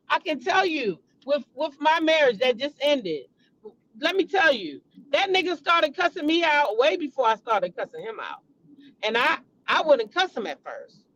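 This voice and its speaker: High voiced woman ranting about reality tv, blunt and cussing a lot, aave. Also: a bit bright, poor audio. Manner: blunt, profane, heated ranting. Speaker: reality TV commentary host. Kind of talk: casual commentary vlog.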